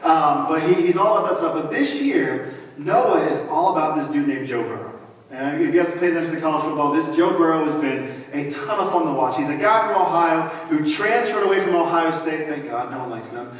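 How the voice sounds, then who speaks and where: A man in his thirties preaches in a relaxed, chatty way, dropping jokes into the sermon. His voice sits a bit high for a man. It rings through a big reverberant hall, picked up from a distance. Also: brisk. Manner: conversational, joking asides. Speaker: pastor. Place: large church auditorium. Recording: echoey hall, mic from afar.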